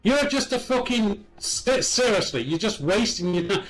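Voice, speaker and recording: A man's voice: high voice, sing-song, moderate pace, a bit bright, faint music behind. A man trolling strangers in online voice chat, mocking and teasing in a sing-song way.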